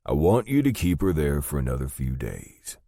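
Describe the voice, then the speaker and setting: A man's voice: very deep voice, very animated, normal speed, vocal fry, warm tone, dry recording, studio quality, heavily acted. A man playing a blunt, matter-of-fact father. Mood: serious. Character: blunt older father on the phone.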